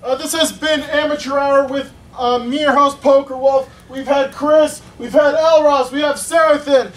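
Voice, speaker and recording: High-voiced man hosting a crowd. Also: steady tone, normal speed, roomy sound. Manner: loud, upbeat announcing. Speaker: host. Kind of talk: emcee sign-off. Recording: distant mic with crowd noise.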